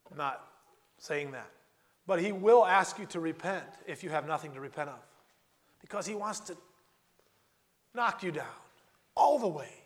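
Guy preaching a sermon, kinda high voice, says stuff twice for emphasis. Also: animated. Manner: earnest, repeats phrases for emphasis, slows on key words.

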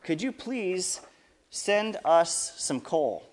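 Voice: mid-range voice, very animated, drawn-out words. Preacher doing a polite young guy begging for help, voice bouncing around. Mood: pleading. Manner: pleading. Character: polite worried young man.

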